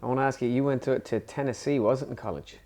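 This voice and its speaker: Fast-talking Irish Midlands man. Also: medium pitch, steady tone, a little mellow, a little hiss or hum. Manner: fast, chatty, joking. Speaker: host, interviewer. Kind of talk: casual interview chat.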